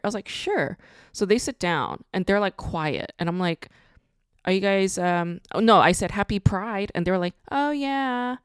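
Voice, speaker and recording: A woman's voice: on the low side, clear, resonant tone, no room sound, studio quality. A woman hosting a podcast, talking casually in a blunt, ranting way and swearing freely. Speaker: podcast host. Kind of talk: casual monologue.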